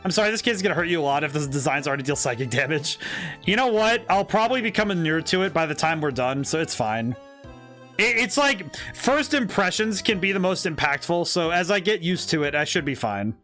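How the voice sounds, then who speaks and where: A man streaming a game and reacting to it with open disbelief and loud exclamations. His fairly high voice swings widely in pitch, and faint game music plays behind him. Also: expressive, fairly quick. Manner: incredulous, exclamatory. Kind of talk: live-stream let's play commentary.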